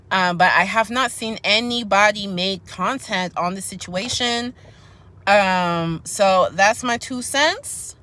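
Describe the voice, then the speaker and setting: A woman's voice: on the high side, sharp tone. A woman giving a sassy, emphatic opinion vlog from her car, full of slang and talking straight to viewers. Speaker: YouTuber giving commentary.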